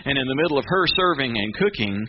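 A man's voice: medium pitch, fast talker. A man preaching a sermon in a conversational, emphatic, folksy way. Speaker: pastor. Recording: muffled with steady hiss.

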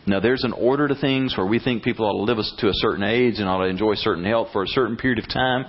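A man preaching a sermon as pastor, animated and blunt, acting out prayers in a rising voice. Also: fairly low pitch, fast talker, slightly rough, dull audio.

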